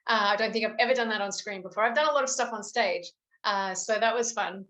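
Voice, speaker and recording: A woman's voice: medium pitch, quick pace, a bit bright, echoey room. A woman from Australia, an actress guest chatting in an upbeat, gushing way during an interview. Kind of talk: casual interview chat.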